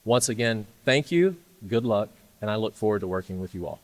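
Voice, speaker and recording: A man giving a measured, formal address at a ceremony. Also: fairly low pitch, lively intonation, dry recording.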